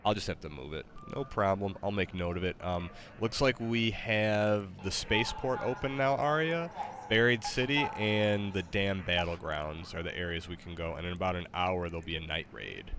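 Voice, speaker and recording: A man's voice: sits low, animated, normal speed, a crowd in the background. A man streaming a game, chatting casually with lots of fillers and restarts and laughing easily. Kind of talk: casual livestream chat.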